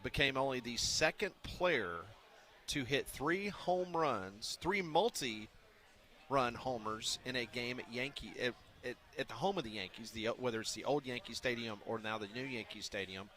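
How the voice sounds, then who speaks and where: A man's voice: medium pitch, animated, moderate pace, bright, forceful tone. A man co-hosting a sports talk radio show, chatting casually and reading out baseball results. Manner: chatty, reads out sports scores. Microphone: studio microphone.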